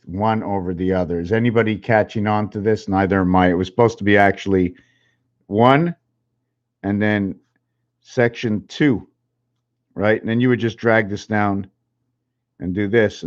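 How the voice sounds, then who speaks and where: A man hosting his own channel, musing in a halting way, counting and spelling things aloud while drawing, a little out of breath. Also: fairly low pitch. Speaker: channel host. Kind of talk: rambling numerology talk while drawing. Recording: slightly dull lo-fi recording.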